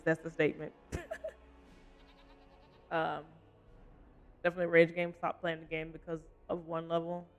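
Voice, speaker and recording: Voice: mid-range voice, fairly bright tone. A young adult livestreamer chatting casually over gameplay, rambling between games, laughing often and answering chat.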